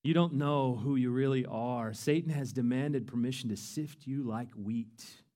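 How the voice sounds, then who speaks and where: A man voicing Jesus as a calm grown man gently warning a disciple. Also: medium pitch, unhurried, close to an everyday voice. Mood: earnest.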